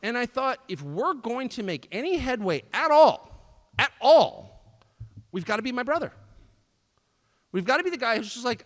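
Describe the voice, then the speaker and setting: A middle-aged man delivers a sarcastic, mocking speech with short laughs. His voice sits high and leaps all over the place. It rings out in an echoey hall. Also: very animated, moderate pace, long pauses. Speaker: speaker at a political event. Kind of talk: live speech to an audience.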